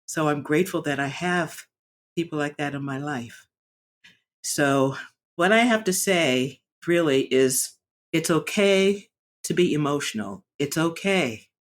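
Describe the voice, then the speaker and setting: A woman speaking candidly in a personal vlog, reflective and earnest, often pausing and restarting her sentences. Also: low voice, lively intonation. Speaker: vlogger sharing a personal story.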